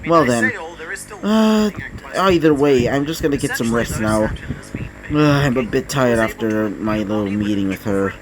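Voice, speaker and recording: A man's voice: mid-range voice, animated, measured pace, crowd noise, voice pushed down, close to an everyday voice, rough recording. A man voicing a shy, flustered teenage boy hero in a storybook reading. He stammers and hesitates constantly.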